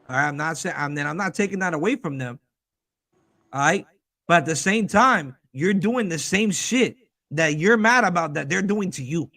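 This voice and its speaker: A man hosts a fan talk show and rants hard, heated and profane. His voice sits high and gravelly. The sound is dry and close. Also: bright, forceful tone, dry recording. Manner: profane, heated, fast-talking rant. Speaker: host.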